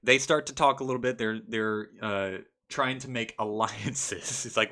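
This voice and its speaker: A young man recaps the tabletop game he ran, and his bright, lively voice breaks into laughter as he goes. His telling is casual and animated, and he slips into quick character voices. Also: mid-range voice. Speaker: game master telling a story. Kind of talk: casual storytelling vlog.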